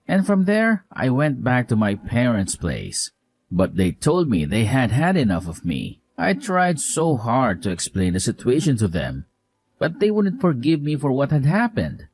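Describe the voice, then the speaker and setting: A man's voice: mid-range voice, wildly swooping pitch, unhurried, darkish tone, exaggerated voice. A man playing a young cheating ex-fiancé who pleads and whines to get back together, in a narrated story drama. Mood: self-pitying. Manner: begging, whiny.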